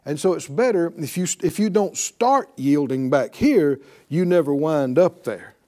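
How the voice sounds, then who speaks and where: Lively, slow-paced man preaching. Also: on the high side. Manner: preacherly, conversational, calls for class responses. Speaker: pastor teaching a class. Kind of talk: sermon.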